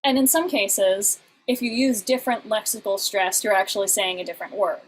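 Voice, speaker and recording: Woman teacher, patient explainer, lots of "uh"s, middle pitch, faint background hiss. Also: fairly quick, rough recording. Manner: explanatory, with frequent fillers and restarts. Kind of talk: online class lecture.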